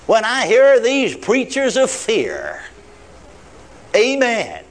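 A man preaching a sermon, stressing and repeating key phrases and slowing down on important words. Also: extremely high pitch, big pitch swings.

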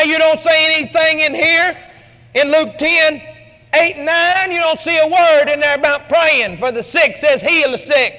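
A man preaching a sermon, telling the story dramatically and building to shouted lines. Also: very high voice, long reverb tail.

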